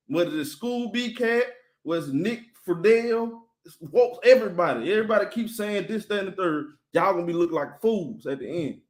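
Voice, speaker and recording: A man talks loosely and energetically, as if running his own live sports stream. His voice sits a little high for a man. He keeps turning to address his viewers directly. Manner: animated, talks straight to chat viewers, shouting them out.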